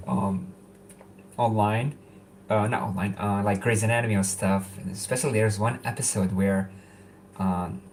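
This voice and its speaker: A young man whose first language is Arabic, talking casually to the camera in a rambling vlog style full of fillers and restarts. His voice sits fairly low, with faint noise in the background. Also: darkish tone. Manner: rambling, lots of fillers and restarts, laughs often. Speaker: language-learning vlogger.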